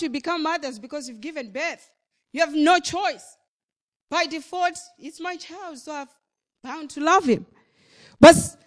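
A woman preacher with a high-sitting voice delivers a sermon at a church service. She is emphatic, repeating many phrases in a delivery that rises and falls.

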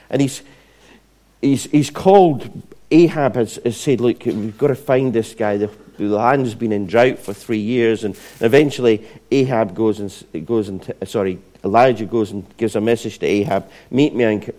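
A man preaching a sermon, retelling scripture stories in an animated way with playful asides. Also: fairly low pitch. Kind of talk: sermon storytelling.

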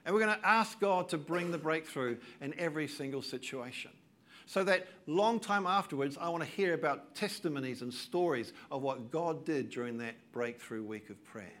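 Older male pastor, high voice, emphatic sermon delivery. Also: normal speed, a bit bright. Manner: earnest, emphatic preaching with repeated phrases.

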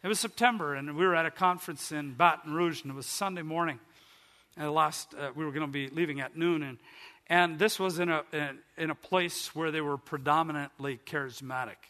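A middle-aged man preaching a sermon as pastor, telling a story with animated delivery that climbs high when he gets excited. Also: fairly quick. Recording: long hall reverb.

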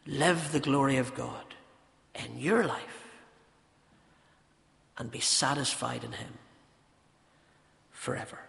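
A man preaching a sermon, swinging from loud emphasis to hushed intensity and asking rhetorical questions. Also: medium pitch, slow pace, vocal fry, long pauses, in a large hall. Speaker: pastor. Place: church.

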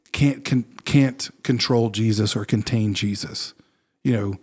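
A man's voice: medium pitch, a little mellow, slightly rough. A man, a pastor, talking in a casual faith podcast with an earnest, reflective manner and frequent fillers and restarts.

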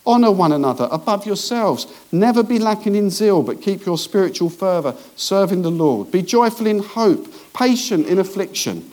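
Male pastor with a somewhat high voice, animated delivery that drops to hushed asides and climbs to emphatic points, with jokey remarks to the congregation. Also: moderate pace, hardly any pauses. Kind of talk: sermon.

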